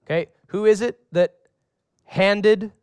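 A man with a high voice preaches a lively sermon, slipping into acted-out voices for comic effect and calling on the congregation to respond. The sound is close and dry, with no room around it. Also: slow pace, clear, resonant tone, dry recording. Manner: asks the congregation questions and has them respond. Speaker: pastor.

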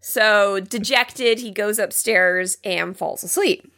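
A young adult woman co-hosting a podcast, chatting casually as she recaps a movie scene by scene and acting out the characters' lines. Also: mid-range voice. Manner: animated, acts out characters' lines in quick voices. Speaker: podcast co-host.

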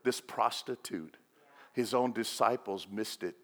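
A man preaching a sermon as pastor, swinging between loud and hushed delivery. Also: on the low side, unhurried. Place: church sanctuary. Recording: long reverb of a large hall.

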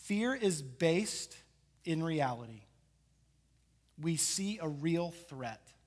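Guy preaching, higher voice, tells the bible story all animated and does little voices for the people in it. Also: extremely slow. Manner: animated storytelling, acting out the characters. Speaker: pastor. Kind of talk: sermon.

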